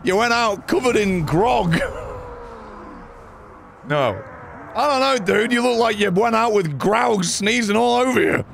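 A man giving excitable, sarcastic commentary over his own gameplay, often swearing. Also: sits high, gravelly, slight background noise. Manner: excitable, sarcastic, swearing, frequent yelps and laughs. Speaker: gaming channel host.

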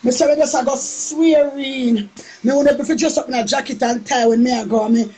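High-pitched Jamaican woman, playful and boastful. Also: fairly even intonation, a little fast, warm tone, breathy edge. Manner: playful, boastful, repeats phrases in a sing-song chant. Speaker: live streamer. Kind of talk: casual live-stream chat.

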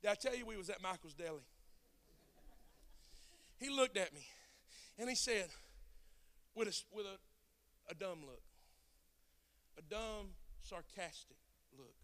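A man preaching a sermon, his voice unusually high and bright. He drifts between casual storytelling with country turns of phrase and loud, sung-out preaching. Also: lively intonation, measured pace, long pauses. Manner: storytelling, building to shouted preaching with singsong cadence; Southern dialect, "ain't", "y'all", "fixing to". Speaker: pastor.

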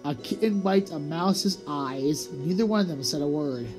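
A reader narrating a children's audiobook in a lively, expressive read-aloud manner with small slips. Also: mid-range voice, normal speed, music in the background, rough recording.

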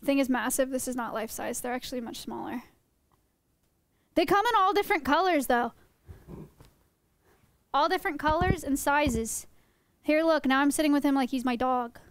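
A woman's voice: sits high, animated, moderate pace, long pauses, dry recording. A young woman teaching her stream chat about animals in a playful, joking way, often laughing. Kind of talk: casual livestream lesson.

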